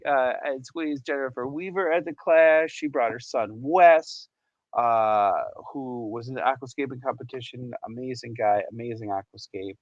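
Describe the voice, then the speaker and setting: A man's voice: medium pitch, normal speed, no room sound, highs cut off. A man hosting a casual livestream, chatty and rambling, laughing often and reading out chat messages. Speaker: livestream host.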